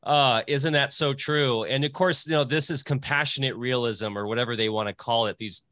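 A man's voice: medium pitch, moderate pace, pushed and bright, no room sound. A man co-hosting an interview, talking earnestly with many fillers. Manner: earnest, filler-heavy, emotional. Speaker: podcast co-host. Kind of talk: casual interview talk.

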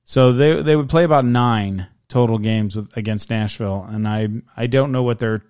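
A man's voice: medium pitch, moderate pace, darkish tone, clean tone, dry recording, clean studio sound. A man co-hosting a podcast, casually rattling off game scores and standings. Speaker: podcast co-host. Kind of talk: casual sports chat.

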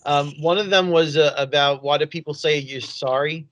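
A man's voice: on the high side, moderate pace, a bit bright, no room sound. A man co-hosting a podcast, telling a casual anecdote with easy laughs. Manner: easygoing anecdote teller, laughs at his own stories. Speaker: podcast co-host.

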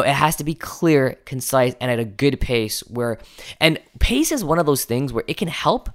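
Man hosting a coaching podcast. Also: mid-range voice. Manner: shifting pace, stressing key words; counts items aloud to himself. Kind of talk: instructional podcast monologue.

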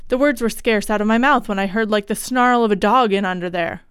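A woman voicing a frightened young gentleman haunted by guilt, in a period ghost story. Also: mid-range voice, fairly quick, smooth, no room sound, studio quality, close to an everyday voice. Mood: terrified. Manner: anxious, despairing.

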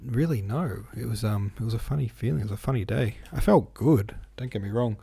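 A man's voice: medium pitch, fairly quick, gravelly, mellow, breathy edge. A man hosting a casual solo podcast, talking in a rambling, hesitant way with many fillers and restarts. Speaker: podcast host and novelist.

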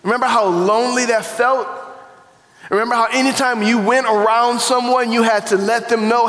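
High-voiced preaching man in an echoey hall. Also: steady tone, normal speed, a bit bright. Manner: conversational, asks the congregation questions. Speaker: pastor. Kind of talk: sermon.

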